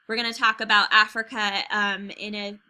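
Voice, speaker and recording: A woman's voice: medium pitch, little pitch movement, normal speed, pushed and bright, smooth. An American woman teacher giving a chatty recorded video lesson over slides, checking in with "okay?" and "right?" as she goes.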